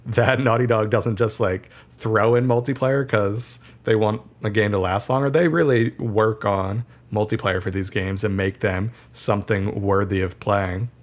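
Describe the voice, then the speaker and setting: A man's voice: fairly low pitch, steady tone, a little slow, few pauses. A man hosting a casual gaming podcast, chatting upbeat and slipping into an announcer-like delivery when he introduces segments. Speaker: podcast host.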